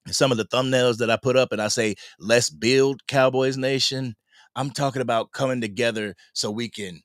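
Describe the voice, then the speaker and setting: A man hosting a live-stream sports fan podcast, talking in a slangy, animated way and reading out comments from the chat. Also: on the low side, no echo, studio quality. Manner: animated, slangy, laughs often. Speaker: podcast host.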